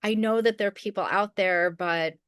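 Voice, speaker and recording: A middle-aged podcast co-host tells a rambling, casual story with many restarts and fillers, putting on the voices of people she quotes. Her smooth, clear voice is medium in pitch, fairly bright, and moderately paced, recorded close and dry.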